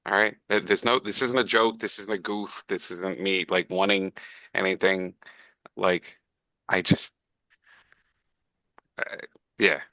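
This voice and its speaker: Shiner is a stammering young hunter in a tabletop game who keeps tripping over his own words, voiced by a man. The voice is low, gravelly and bright-edged, recorded dry and close. He fumbles through awkward, earnest reassurance. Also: steady tone, takes it slowly, long pauses, no echo, heavily acted.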